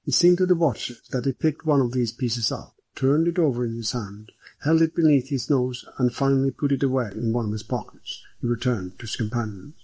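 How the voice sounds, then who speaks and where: A man narrating an audiobook in a steady, measured way. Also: medium pitch, husky, no room sound, rough recording.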